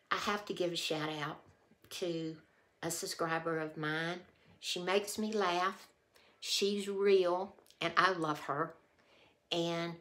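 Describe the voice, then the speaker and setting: A woman's voice: fairly low pitch, a bit bright. A woman vlogger chatting casually to camera, heartfelt and emotional, often trailing off mid-thought. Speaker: haul vlogger.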